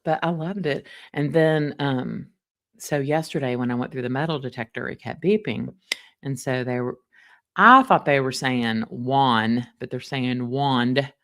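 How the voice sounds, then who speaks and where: A middle-aged woman, chatting casually with livestream viewers in an animated, storytelling way. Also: very deep voice, unhurried. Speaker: livestream host recapping a trial. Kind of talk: casual chat with live viewers.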